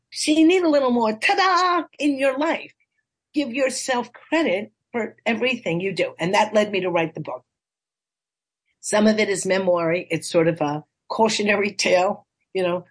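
A woman in her sixties, a life coach and author, chatting in an interview and telling stories with lively acted-out quotes. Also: fairly low pitch, slightly rough. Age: 60s. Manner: chatty, animated storytelling, acts out quoted voices. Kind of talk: casual interview chat.

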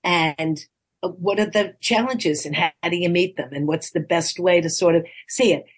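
A woman in her sixties, a life coach and author, chatting in an interview and telling stories with lively acted-out quotes. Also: lowish voice, moderate pace, husky. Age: 60s. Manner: chatty, animated storytelling, acts out quoted voices. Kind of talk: casual interview chat.

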